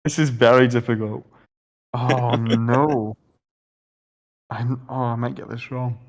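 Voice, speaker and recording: A man's voice: mid-range voice, little pitch movement, a little slow. A young Scottish man answering quiz questions, hesitant and given to rambling stories and swearing. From Scotland. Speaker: quiz contestant. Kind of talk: casual podcast chat.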